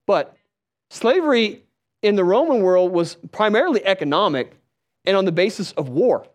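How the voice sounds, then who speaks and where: A man preaching a sermon, telling stories with lively delivery and calling out questions to the congregation. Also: high voice. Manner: storytelling, animated, calls out to the crowd.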